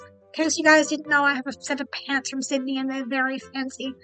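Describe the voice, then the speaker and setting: A woman's voice: high voice, flat delivery, brisk, bright, forceful tone, soft background music, poor audio. A young woman streaming as a VTuber, telling a rambling story and acting out her own thoughts as quoted asides.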